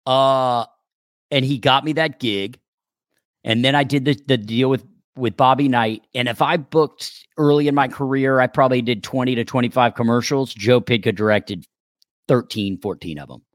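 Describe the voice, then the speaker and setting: An actor appearing as a guest tells a story in casual conversation, animatedly acting out the people he quotes. His voice is medium-pitched at a moderate pace, recorded with clean studio sound and no echo.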